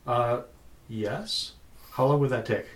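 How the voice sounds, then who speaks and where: A man's voice: medium pitch, slow, roomy sound. A man playing in a tabletop game, talking in a casual, thoughtful way. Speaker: player.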